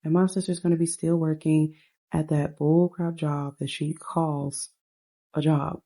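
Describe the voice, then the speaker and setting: A woman's voice: low-pitched, little pitch movement, unhurried, mellow. Woman voicing a fed-up young woman venting. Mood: ranting. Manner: venting, exasperated. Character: young woman fed up with her nagging sister.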